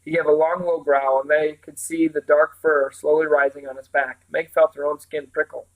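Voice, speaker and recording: A man reading a novel aloud with steady, even storytelling. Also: a little high, normal speed, narrow, tinny audio. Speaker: reader.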